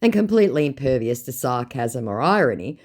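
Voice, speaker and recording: A woman's voice: rumbling low, very animated, fairly quick, darkish tone. An Australian woman narrating her scam-baiting chats in a dry, sarcastic storytelling tone.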